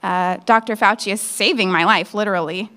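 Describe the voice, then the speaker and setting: A woman's voice: medium pitch, brisk, pushed and bright. A woman performing a stand-up comedy set on a nightclub stage into a handheld mic, with a brash, frank, conversational delivery.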